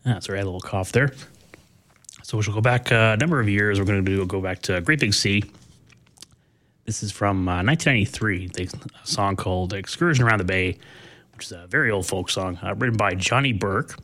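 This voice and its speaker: A man from Canada hosting a radio show in a casual, halting way, with many filler sounds as he reads the weather and introduces songs. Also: fairly low pitch, a bit bright. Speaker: radio host.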